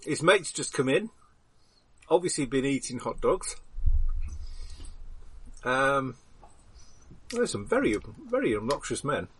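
A man plays in a tabletop game and talks things through calmly and matter-of-factly. His voice is mid-pitched with a husky grain. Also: takes it slowly, pauses often. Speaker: player.

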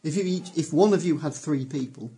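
A man's voice: on the high side, a little fast, warm tone. A man running a tabletop role-playing game as game master, narrating scenes and explaining rules with hesitant fillers.

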